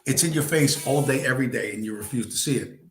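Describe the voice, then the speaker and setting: A man's voice: mid-range voice, quick pace, a bit bright, a little hiss or hum. A man hosting a late-night livestream, ranting bluntly and crudely at his viewers from a home room, his voice getting worn. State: losing his voice. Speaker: livestream host. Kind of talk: profane late-night stream rant. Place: home room with a squeaky chair. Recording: roomy echo.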